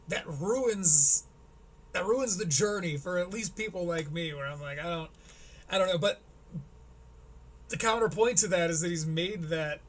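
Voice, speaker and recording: A man's voice: high-pitched, fairly bright tone. Rambling man critiquing a comedy special. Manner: rambling, analytical, self-interrupting. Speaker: streamer reviewing a comedy special. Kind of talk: casual commentary.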